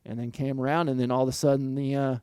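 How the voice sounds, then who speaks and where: A man's voice: medium pitch, quick pace, smooth, no room sound, clean studio sound. A man, a former motocross racer, telling stories in a loose, rambling way in a casual interview. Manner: loose, rambling, lively quoting of others.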